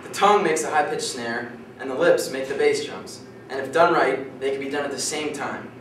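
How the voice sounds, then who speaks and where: A young man giving a prepared class speech, reading steadily and clearing his throat now and then. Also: medium pitch, normal speed, fairly bright tone, slight background noise. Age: young adult. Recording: echoey classroom from far off.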